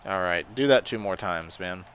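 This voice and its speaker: A man giving live commentary on his own gameplay, excitable and shouting at his players during big plays. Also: low-pitched, normal speed. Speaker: gaming channel host.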